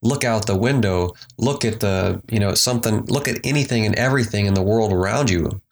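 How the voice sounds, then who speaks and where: Laid-back low-voiced man teaching mindfulness. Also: slight background noise. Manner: relaxed, conversational, slows for emphasis. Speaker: spiritual teacher. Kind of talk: motivational talk with guided breathing. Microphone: desk microphone.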